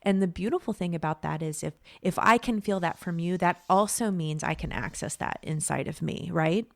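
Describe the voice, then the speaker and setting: A woman's voice: lowish voice, moderate pace, vocal fry, no echo, clean studio sound. A woman podcast host and coach, encouraging listeners and asking herself rhetorical questions. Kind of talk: podcast interview.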